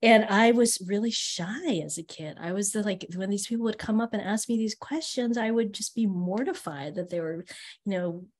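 A middle-aged woman from Northern California talks casually in an interview over a video call. She tells stories with animation and frequent laughter, acting out quoted voices. Her voice sits at a middle pitch. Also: moderate pace, a little mellow. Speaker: interview guest, theater teaching artist.

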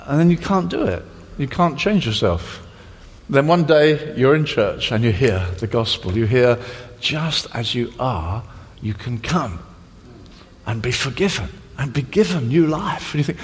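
A man's voice: on the high side, moderate pace. A man preaching a sermon, telling stories and acting out the people he quotes. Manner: animated storytelling, acting out quoted voices. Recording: long hall reverb.

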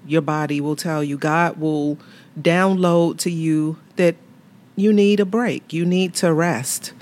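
A woman's voice: deep voice, steady tone, takes it slowly, darkish tone. A married woman in her fifties co-hosting a podcast with her husband, laughing easily and speaking earnestly. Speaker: podcast co-host. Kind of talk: casual chat.

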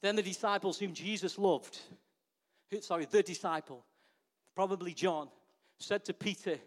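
A man preaching a sermon to his church in a lively way, often asking the congregation rhetorical questions. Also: high voice, moderate pace, pauses often. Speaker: pastor.

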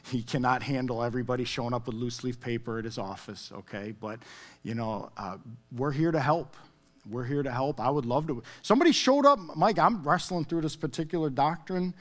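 A man preaching a sermon in a conversational way, often checking in with "okay?" and "all right?". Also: medium pitch. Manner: conversational, animated, with frequent "okay?" asides. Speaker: pastor.

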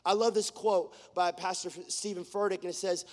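A man who leads worship, preaching a sermon in an earnest way that swings between fervent declarations and hushed storytelling. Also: high-pitched, fairly even intonation, fairly quick, few pauses, in a large hall. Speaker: worship leader. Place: church.

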